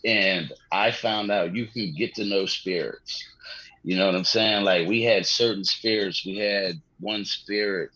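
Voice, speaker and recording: A man's voice: on the low side, unhurried, pushed and bright, no room sound, dull audio. A man, a comedian guest on a podcast, telling rambling, slangy stories with plenty of swearing and laughter. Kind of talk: casual podcast storytelling.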